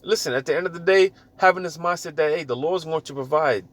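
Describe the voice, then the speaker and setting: A man giving a casual, animated spoken sermon, with loose talk full of fillers and repeated words. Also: on the high side, fast talker, no room sound. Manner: repeats words while searching. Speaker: lay preacher.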